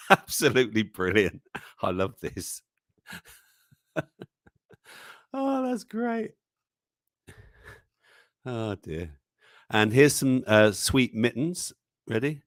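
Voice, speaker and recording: A man with a low, lively voice hosts a casual live stream and reads memes aloud, chuckling as he goes. His voice swings up and down with animation, recorded dry and close. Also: slow, pauses often, no room sound. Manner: chatty, chuckles often, warmly exclaims over what he shows. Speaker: livestream news show host.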